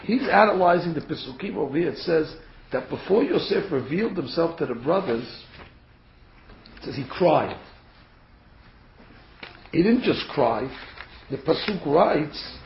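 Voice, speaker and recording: A man's voice: fairly high pitch, expressive, unhurried, pauses often, a little hiss or hum. A man giving a Torah class to a group of women, earnest and emphatic, asking rhetorical questions and pressing hard on key points. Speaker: Torah teacher. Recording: echoey room, dull lo-fi sound.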